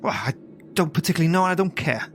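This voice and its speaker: A man voicing a battered, wary orc warrior who talks gruffly and bluntly. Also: fairly high pitch, animated, racing, a little hiss or hum, voice pushed up. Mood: wary, grumbling.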